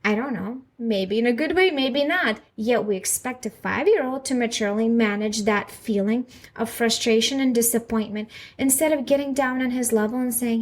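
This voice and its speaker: A woman in her thirties talks through a solo parenting podcast in a slightly high voice. She speaks earnestly and reassuringly, often turning to the listener with questions. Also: moderate pace. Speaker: podcast host, mother.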